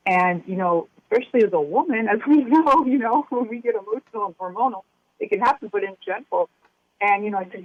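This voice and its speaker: A woman's voice: mid-range voice, animated, fast, no room sound. A woman co-author of a children's workbook, talking in an earnest, reflective way during a casual interview. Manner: earnest, reflective, acts out remembered dialogue. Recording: tinny phone line.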